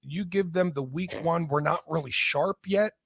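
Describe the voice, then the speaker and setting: A man's voice: on the high side, normal speed, a bit bright, husky. A man co-hosting sports radio with emphatic, opinionated takes. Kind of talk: casual sports talk.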